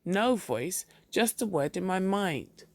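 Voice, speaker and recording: Reader's take on a depressed husband in an audiobook: dull monotone, slow and heavy. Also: medium pitch, dry recording. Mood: flat. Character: depressed middle-aged husband, flat and dull.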